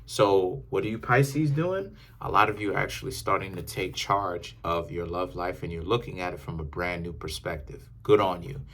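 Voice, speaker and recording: A man's voice: deep voice, normal speed, hardly any pauses, a bit bright. A man giving a casual, rambling tarot reading, often correcting himself as he talks. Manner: rambling, self-correcting, conversational. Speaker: tarot reader.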